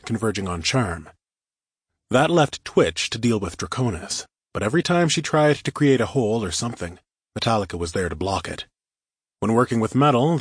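A man narrating first-person action fiction for an audiobook, in a steady, even storytelling manner. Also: lowish voice, slightly rough, dry recording, studio quality.

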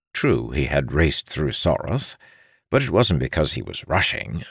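A man narrating a fantasy audiobook in an expressive storytelling manner. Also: a bass voice, unhurried, vocal fry, husky, no room sound, studio quality.

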